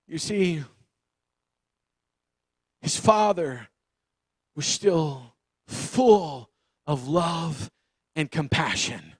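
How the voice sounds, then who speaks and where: A man preaching a youth sermon, animated and acting out the voices of the story. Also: high voice, slow, long pauses, no echo. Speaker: youth pastor.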